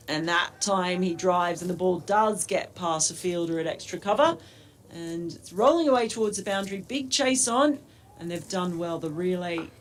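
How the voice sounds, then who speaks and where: A woman giving live ball-by-ball cricket commentary, chatty and quick to laugh between calls. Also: on the low side. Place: commentary box at a cricket ground.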